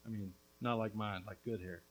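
A man preaching a sermon as a pastor, earnest with casual asides, his voice swinging between hushed and loud. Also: on the low side, steady tone, moderate pace, rough recording.

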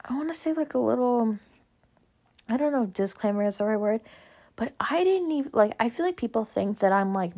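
A young woman vlogging in a casual chat, gushing and talking quickly with lots of "like" and "literally", jumping higher and louder when she acts out quotes. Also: expressive. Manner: gushing, chatty, fillers like "like" and "literally".

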